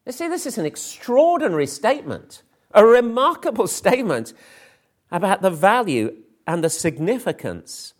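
Emphatic preacher with lively pitch. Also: male voice. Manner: emphatic, rhetorical questions, occasional restarts. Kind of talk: sermon.

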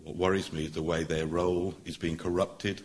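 A middle-aged man, a barrister, giving an earnest, persuasive public speech at a meeting, pausing for emphasis. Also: low-pitched, flat delivery.

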